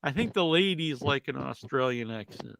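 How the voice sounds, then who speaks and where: A man's voice: mid-range voice, lively intonation, moderate pace, creaky, noisy background. A man hosting a live podcast with a stuffed-up nose, answering viewer questions in a rambling, casual way with plenty of fillers. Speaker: podcast host. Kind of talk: casual live-stream chat.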